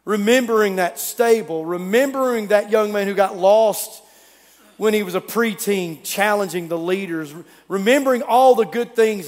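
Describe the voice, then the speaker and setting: Dramatic high-voiced preacher in a big hall. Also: male voice. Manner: dramatic storytelling, swinging from loud to hushed. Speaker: pastor. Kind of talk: sermon.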